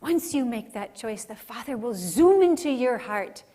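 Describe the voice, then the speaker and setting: A woman's voice: on the high side, expressive, measured pace, dark tone. A woman speaker giving an emphatic religious teaching talk at a conference, often checking in with the audience. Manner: emphatic, often tags lines with "right?". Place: conference center.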